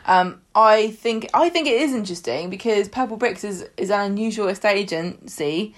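A woman's voice: mid-range voice, moderate pace. A woman co-hosting a podcast, chatting casually, often restarting and searching for words. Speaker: podcast co-host. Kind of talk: casual chat about a TV soap.

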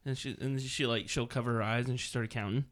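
A man's voice: medium pitch, steady tone, fast talker. A man and father of a toddler daughter, chatting casually and telling stories with many hesitations and fillers. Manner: hesitant, filler-heavy storyteller. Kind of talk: casual chat.

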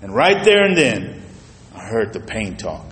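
A man's voice: on the low side, sing-song, measured pace, a bit bright. A male pastor preaching a conversational sermon, telling stories and speaking straight to the congregation in a casual, colloquial way. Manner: colloquial, storytelling, addresses the congregation directly. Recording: echoey reverberant hall.

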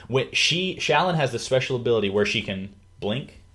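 A man with a medium-pitched voice talks at a normal speed as he hosts a casual talk. He eagerly retells a book's plot like an animated storyteller, acting out the characters with yelps and laughs.

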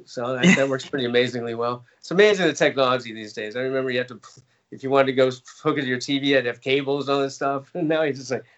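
A man's voice: mid-range voice, very fast, fairly bright tone, lo-fi sound. A man from the United States, a guest on a casual call, who talks in an upbeat way, laughs often, and restarts his sentences. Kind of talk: casual chat.

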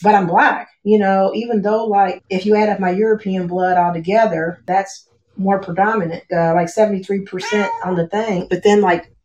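With a darkish, mid-range voice and fairly even intonation, a US woman talks reflectively about her background as a guest, full of "like" and "you know" fillers. She speaks at a moderate pace at home with her cat, in a casual chat captured with roomy echo and slight background noise.

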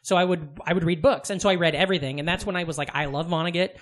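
High-voiced man spinning a rambling story. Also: fairly even intonation, very fast. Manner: rambling storyteller, swears freely, full of fillers and restarts. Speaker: podcast co-host. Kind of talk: casual podcast chat.

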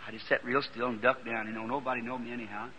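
A man preaching in a folksy, animated storytelling manner, with a Southern Indiana accent. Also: medium pitch, fast, slightly rough. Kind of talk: sermon storytelling. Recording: old lo-fi recording in a reverberant hall.

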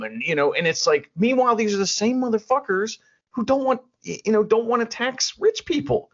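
A man's voice: fairly high pitch, lively intonation, a little fast, breathy edge. A man co-hosting a podcast in casual chat, ranting with lots of profanity and restarts. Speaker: podcast co-host. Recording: dull lo-fi audio.

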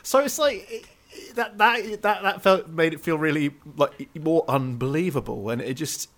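A man co-hosting a casual film review podcast, animated, laughing often and tripping over his words. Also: fairly high pitch, moderate pace. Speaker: podcast co-host.

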